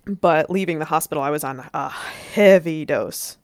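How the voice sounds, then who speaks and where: A woman's voice: low-pitched, normal speed, no echo, clean studio sound. A woman telling a story in casual chat, rambling, peppering her talk with "like" and swearing freely.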